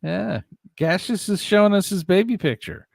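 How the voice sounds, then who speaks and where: A man's voice: high voice, normal speed, gravelly, dry recording, studio quality. A man hosting a casual show, reading out viewer comments and joking with his guests, laughing often. He is from Ohio. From Ohio, USA. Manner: jokey, laughs often, animated. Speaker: host.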